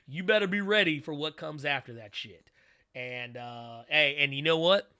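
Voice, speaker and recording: A man hosts a casual live-stream, his voice very bright and ringing and sitting a little high. He rambles in an animated way, full of restarts and quick asides to his viewers. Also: clean tone. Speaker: host.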